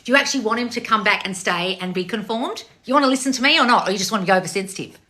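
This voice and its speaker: A woman's voice: mid-range voice, rapid-fire, pushed and bright. A woman, a manifestation coach scolding her viewers bluntly with plenty of swearing. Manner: profane, blunt, exasperated tough-love scolding. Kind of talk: blunt livestream chat reading comments.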